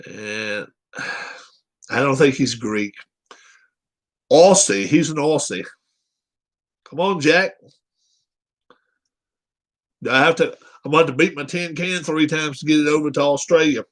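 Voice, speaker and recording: A man's voice: fairly high pitch, normal speed, long pauses. A man hosting a casual live chat show, reading viewer comments aloud and teasing them with frequent laughs.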